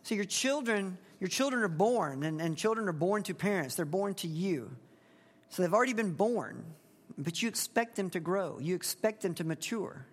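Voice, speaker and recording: A man's voice: high-pitched, lively intonation, moderate pace. Male preacher, plain conversational delivery with questions to the pews, echoing church hall. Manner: conversational, asks the congregation questions. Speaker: pastor. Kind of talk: expository sermon. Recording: long hall reverb.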